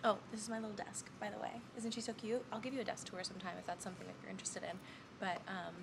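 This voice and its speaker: Vlogger, woman late 20s, chatty storyteller, fry in the voice, noisy phone recording. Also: medium pitch, little pitch movement, rapid-fire. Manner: chatty storytelling, hushed asides. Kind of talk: casual vlog chat. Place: in a store, at work, at home. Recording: phone vlog with clear background noise.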